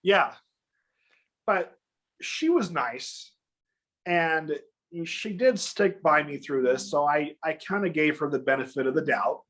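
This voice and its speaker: A man with a fairly high voice tells a personal story in a relaxed, chatty way. He gets animated and acts out the lines of people in his story, raising his voice for them. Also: slow pace, long pauses. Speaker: guest. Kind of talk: casual storytelling.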